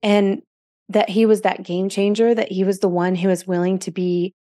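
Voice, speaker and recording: A woman in her forties hosts a podcast, and she speaks earnestly and with feeling. Her voice sits in a middle pitch, and the recording is dry and close. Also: flat delivery, normal speed, warm tone, no room sound. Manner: earnest, emotional, reflective. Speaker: podcast host. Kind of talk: casual interview chat.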